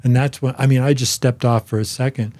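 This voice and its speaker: A man's voice: mid-range voice, steady tone, brisk, darkish tone. Older man telling profane stories. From United States. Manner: loose, profane storytelling. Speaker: stand-up comedian guest. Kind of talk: casual chat.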